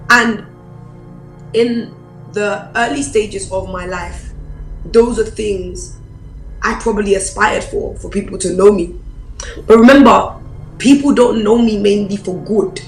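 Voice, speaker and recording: A woman pastor, preaching a personal testimony in an animated storytelling way. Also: medium pitch, a little slow, long pauses, echoey room, faint music behind, rough recording. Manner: animated storyteller, acts out quoted voices.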